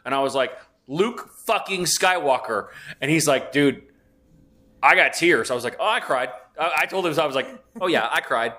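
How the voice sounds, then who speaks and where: A man's voice: medium pitch, quick pace, few pauses, sharp tone. A man in his fifties, a podcast co-host, telling a rambling story in casual chat and swearing freely. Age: 50s.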